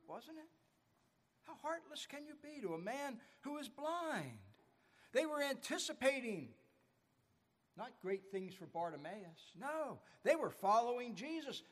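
High-voiced preacher in a reverberant church. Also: male voice, a bit bright. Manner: storytelling preacher, rising and falling emphasis. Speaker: pastor. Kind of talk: sermon. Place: church sanctuary. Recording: church sanctuary with long reverb.

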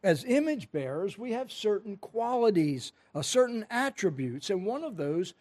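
Male pastor, high voice, earnest and emphatic sermon delivery. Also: very animated, normal speed, a little mellow. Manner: earnest, emphatic preaching with scripture reading.

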